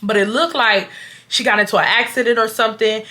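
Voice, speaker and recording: A bright-toned woman in her twenties, from Houston, spins a storytime for her viewers. She is chatty, animated and freely profane, and keeps talking to them directly as y'all. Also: fairly high pitch, fairly quick. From Houston, Texas. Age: 20s. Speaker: vlogger telling a story. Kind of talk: casual storytime.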